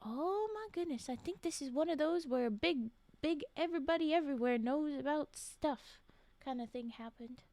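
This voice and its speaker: Reading spooky tales on a relaxed live stream, a woman with a high-pitched, gravelly, darkish voice speaks at a normal pace and sounds animated. She keeps breaking off to chat, laugh, whisper asides and respond to chat, in a dry recording.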